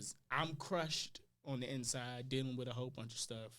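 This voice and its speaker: A young adult man, a podcast guest, telling personal stories in casual slang, his voice swinging between loud and quiet. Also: medium pitch, moderate pace, few pauses.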